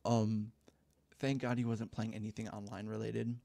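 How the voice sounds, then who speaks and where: Gravelly young guy rambling a story. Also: on the low side, little pitch movement, moderate pace, dark tone, dry recording. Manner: rambling, profane, lots of fillers. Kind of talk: casual story time. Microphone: gaming headset mic.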